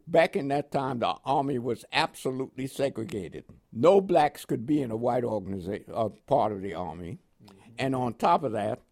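An older man with a New York accent tinged with West Indian inflections, telling his life story in an oral history interview, animated and often chuckling. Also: medium pitch, gravelly. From Panama.

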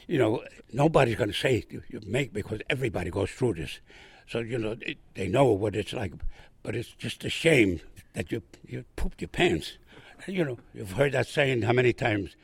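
An older man from Brooklyn, a veteran guest, telling a war story in a rambling, animated way and acting out the voices in it. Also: medium pitch, dry recording. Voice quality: gravelly, husky. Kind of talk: oral history storytelling.

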